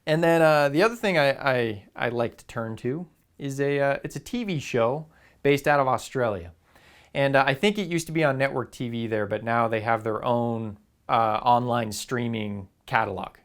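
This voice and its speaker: Man, casual vlog chat, rambling, full of ums and uhs, mid-pitched voice. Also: moderate pace. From Southern California. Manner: rambling, filler-heavy, easygoing. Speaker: photography YouTuber. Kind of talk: casual vlog talk to camera.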